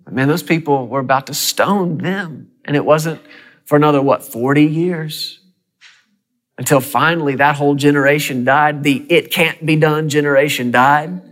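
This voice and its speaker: A man preaching a sermon in a church, lively and dramatic, with fast bursts and sudden hushed drops. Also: fairly high pitch. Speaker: pastor.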